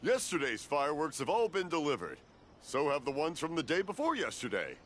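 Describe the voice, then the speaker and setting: A cheerful deaf old fireworks master. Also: male voice, fairly quick, slight background noise. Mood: cheerfully confused. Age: older. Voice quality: animated, sing-song storytelling with big pitch swings. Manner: mishears and drifts into long tales, chuckling. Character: elderly hard-of-hearing fireworks master, cheerful rambling storyteller. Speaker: old fireworks maker, the heroine's father. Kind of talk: video game voice acting. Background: game music.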